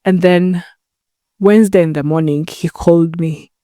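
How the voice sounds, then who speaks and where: A young woman from Rwanda hosts her own podcast, talking straight to a camera in a loose, rambling chat. Her voice sits a little low and has a mellow, dark tone. The sound is dry and close. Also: steady tone, moderate pace, dry recording. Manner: chatty, rambling, acts out phone calls. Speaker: podcast host. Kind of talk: casual solo podcast chat.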